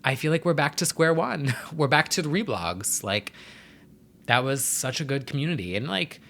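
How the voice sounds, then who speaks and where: Young adult male vlogger, fairly high voice, bright and forward, rambling casual chat with sassy asides. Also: animated, moderate pace, vocal fry. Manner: rambling, chatty, sassy slang. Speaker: vlogger host.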